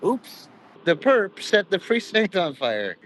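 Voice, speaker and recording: A man's voice: sits high, big pitch swings, takes it slowly, a bit bright, a little hiss or hum, poor audio. A man talking in a meandering, profane monologue, full of "you know" and jumping between mock-preachy asides. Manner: mock preachy, drifts into quoted voices. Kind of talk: rambling monologue.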